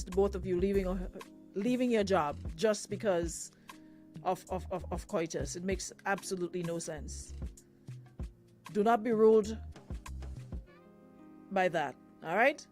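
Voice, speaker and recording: A woman's voice: mid-range voice, unhurried, pauses often, darkish tone, soft background music. Frank woman radio host. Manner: frank, reads listener letters, laughs easily. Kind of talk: radio advice talk.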